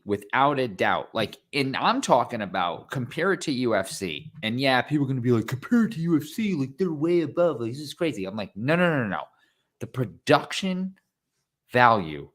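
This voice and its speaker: A young man co-hosting a podcast, recapping a fight in excited casual chat, swearing and acting out the crowd's reactions. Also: mid-range voice. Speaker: podcast co-host.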